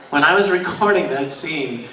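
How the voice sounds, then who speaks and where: A man's voice: on the high side, pushed and bright. A man, a voice actor guest at a convention panel, telling stories to the audience with enthusiasm and frequent laughter. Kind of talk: animated storytelling to an audience. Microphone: handheld camera in the audience. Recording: echoey hall recorded from far off, noisy.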